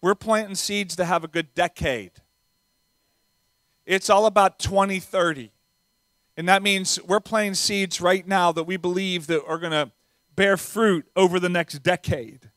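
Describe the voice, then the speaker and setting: A man with a non-Southern American accent preaches in a high, light voice. His style is conversational, with small fillers, and the sound is dry and close. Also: fairly even intonation, a little slow, fairly bright tone, no room sound. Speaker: visiting pastor. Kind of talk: sermon. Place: church sanctuary.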